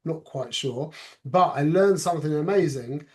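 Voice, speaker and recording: A man's voice: fairly high pitch, moderate pace. A man teaching an informal spoken class on a religious topic. He talks conversationally, keeps checking in with "yeah?", and mixes Hebrew and Yiddish terms into his English.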